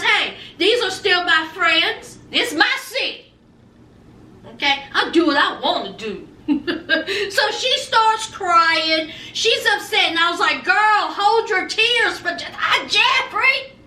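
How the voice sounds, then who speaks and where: A woman's voice: extremely high pitch, lively intonation, measured pace, sharp tone. A woman recapping a reality show in casual, sassy commentary, retelling the drama with slang and flair. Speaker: reality TV reviewer. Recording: echoey room, mic at a distance.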